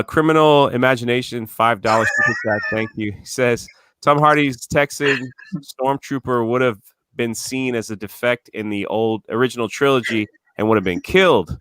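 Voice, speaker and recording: A man co-hosting a casual chat, reading viewer messages, animated and incredulous. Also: mid-range voice, clear, resonant tone, dry recording, studio quality.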